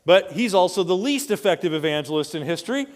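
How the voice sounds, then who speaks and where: Pastor guy preaching, high voice, lively storyteller, big echoey church. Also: fast. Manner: animated storytelling preacher, asks the congregation questions. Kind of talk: sermon. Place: church sanctuary. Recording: long church hall reverb.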